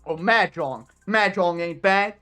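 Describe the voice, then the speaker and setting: A woman's voice: lowish voice, measured pace, a bit bright, faint music behind, pitched below the performer's own voice. A woman voicing a brash, bored male penguin boss who talks in a slangy, teasing street drawl. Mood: swaggering.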